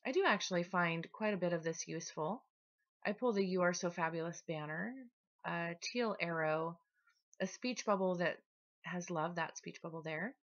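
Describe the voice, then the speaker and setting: A woman talking casually through her scrapbooking process in a relaxed, chatty voice-over. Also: on the low side, normal speed, highs cut off. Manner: chatty, relaxed, with small restarts. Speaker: scrapbooking vlogger.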